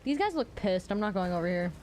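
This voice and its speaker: A woman streamer talks to her chat while she plays, rambling through filler words and tossing out casual swears. Her voice sits at an ordinary middle pitch, and a faint hiss runs underneath. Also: animated, fast talker, a little mellow. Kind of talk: casual gaming livestream chat.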